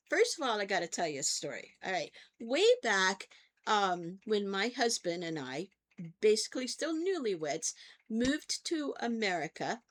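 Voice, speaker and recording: An older woman hosting her own vlog, telling stories in a chatty way and checking in with her listeners as she goes. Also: mid-range voice. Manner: chatty storytelling, often checks in with "okay?". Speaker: vlog host and therapist. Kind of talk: casual talk to camera.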